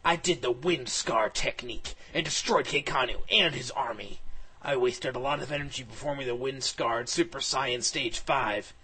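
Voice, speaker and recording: A man reads an over-the-top adventure story in a flat, matter-of-fact tone. His voice is very husky with a bright, edgy tone. He keeps an even pace. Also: medium pitch, normal speed, rough recording. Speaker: comedic reader. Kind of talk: deadpan reading of fan fiction.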